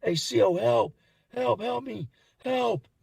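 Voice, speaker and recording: A man's voice: very high voice, slow, creaky, darkish tone, breathy edge, no echo, distant mic, pitched above the performer's own voice, exaggerated voice. A man voicing a terrified young male inmate who pleads and cries out for help. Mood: panicked.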